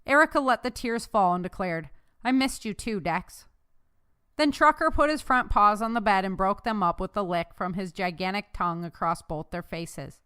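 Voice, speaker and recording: A woman narrating a novel chapter aloud as an audiobook narrator, telling the story in a steady way. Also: medium pitch, moderate pace, hardly any pauses, clear, resonant tone. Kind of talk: scripted narration.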